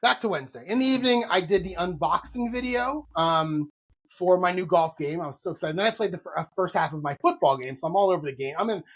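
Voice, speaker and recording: A man co-hosting a casual podcast, telling animated stories and venting about bad customer service. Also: sits high, fast talker, slightly rough. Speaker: podcast co-host.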